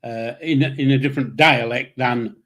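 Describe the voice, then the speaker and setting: A man's voice: medium pitch, steady tone, moderate pace, a bit bright, dull audio. An older man with a Yorkshire accent, co-hosting a live chat show in a blunt, unfiltered manner. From Yorkshire, England. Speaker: co-host. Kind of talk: casual chat.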